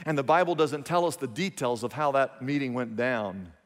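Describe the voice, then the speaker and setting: A man's voice: medium pitch, normal speed, long reverb tail. A man preaching a sermon, telling a story emphatically with lots of repetition.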